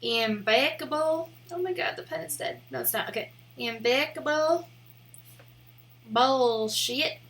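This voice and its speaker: A woman's voice: sits high, expressive, measured pace, fairly bright tone. A young woman streaming live, rambling in a casual, giggly way with lots of "like" fillers. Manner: rambling and giggly, heavy use of "like".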